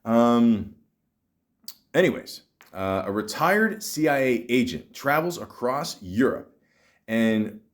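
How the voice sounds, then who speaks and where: A man's voice: medium pitch, sing-song, takes it slowly. A man hosting a podcast, chatting casually about films in a rambling way with lots of fillers and the odd swear word. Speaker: podcast host. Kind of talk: casual film-talk podcast chat.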